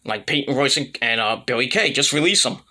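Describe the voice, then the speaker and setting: A man's voice: medium pitch, lively intonation, brisk, pushed and bright. A man giving a casual, rambling solo review rant about wrestling, full of fillers and restarts, blunt and irreverent.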